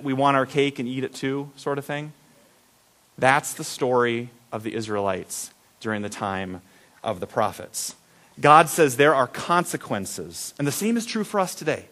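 A man preaching a sermon, telling a childhood story with acted-out voices and big swings between loud and soft. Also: fairly high pitch. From Iowa. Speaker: pastor.

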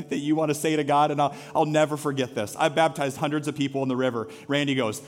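A man's voice: a little high, normal speed, long pauses, soft background music. A man preaching a sermon as pastor, telling a story earnestly and rising to rousing calls to worship. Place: church sanctuary.

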